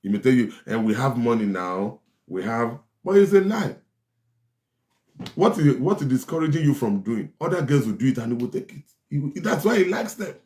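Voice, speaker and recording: A man giving forceful relationship advice, often repeating his lines for stress. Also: fairly high pitch, big pitch swings, brisk. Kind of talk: preachy advice talk. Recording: echoey room.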